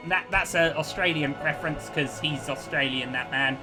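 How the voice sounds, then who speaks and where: A man's voice: fairly high pitch, fairly quick, few pauses, over music. A man giving cheerful, chatty commentary over his own strategy gameplay, thinking aloud as he plays. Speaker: let's play host.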